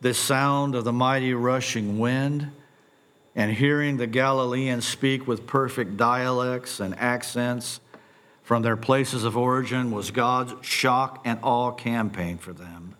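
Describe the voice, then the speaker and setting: A middle-aged pastor with a mid-range voice preaches a sermon full of animated rhetorical questions. When he gets excited, he stumbles over repeated words.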